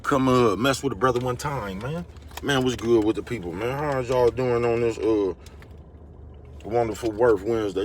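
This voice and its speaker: A man's voice: mid-range voice, moderate pace, a little hiss or hum. A man vlogging a casual motivational monologue, rambling and slangy, and he keeps repeating his catchphrases.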